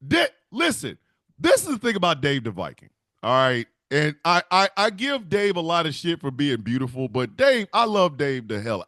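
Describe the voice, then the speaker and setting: A man's voice: on the high side, fairly bright tone, no echo, studio quality. A man hosting a casual stream, talking emphatically, swearing and laughing often. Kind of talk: casual livestream chat.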